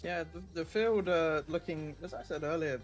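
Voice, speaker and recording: A man's voice: a little high, moderate pace, soft background music. A man co-commentating a sim race in casual, playful banter, teasing his partner. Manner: playful, teasing, laughs often.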